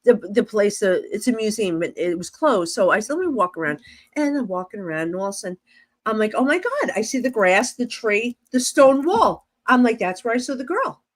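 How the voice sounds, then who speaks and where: This podcast guest is a psychic medium, a middle-aged woman with a New Jersey accent who narrates a story in an animated way, performing the dialogue and laughing often. Her voice is mid-range and brisk, with no room sound present.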